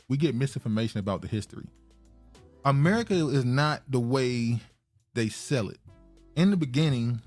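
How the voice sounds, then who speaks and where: A man's voice: mid-range voice, no echo. A man hosting a podcast, chatting casually and thinking aloud. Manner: relaxed, thinks aloud with fillers and laughs. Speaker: podcast host. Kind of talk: casual chat.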